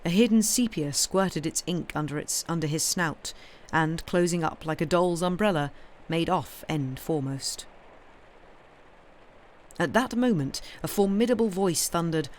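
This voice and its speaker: A woman reading a novel aloud on a livestream in a steady, measured storytelling way. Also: lowish voice. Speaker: reader.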